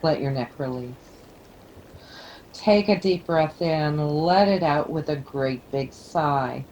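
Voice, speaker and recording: A woman leading a yoga class, giving calm, soothing cues. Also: low-pitched, slow, slight background noise, low-quality recording. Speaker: yoga teacher. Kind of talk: guided yoga instruction.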